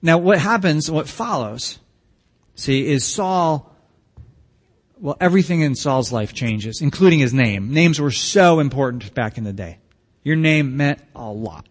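A man's voice: on the high side, lively intonation, a little slow. Male pastor preaching in a reverberant hall. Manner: conversational, joking with the congregation. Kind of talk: sermon.

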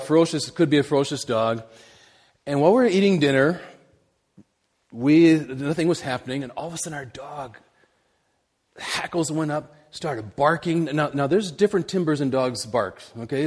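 A middle-aged man preaching, telling a personal story in a halting, animated way with many repeated words. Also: medium pitch. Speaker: missionary preacher.

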